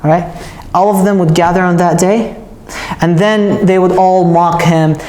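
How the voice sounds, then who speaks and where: A woman narrates a religious story in a relaxed, conversational teaching style, often pausing to check in with her listeners. Her voice sits on the low side, and the recording rings with a roomy echo. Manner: chatty, checks in with "all right?". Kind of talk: casual storytelling lesson.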